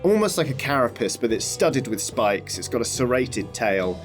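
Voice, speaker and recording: Man, game master, rambling narration, lively pitch, faint music. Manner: rambling, halting descriptions.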